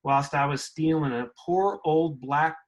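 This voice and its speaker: Man reading as a troubled young Southern boy, mid-Southern accent, earnest storybook telling, a bit high-pitched. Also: unhurried, dull audio, natural voice. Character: young Southern boy wrestling with his conscience. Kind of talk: reading a novel aloud.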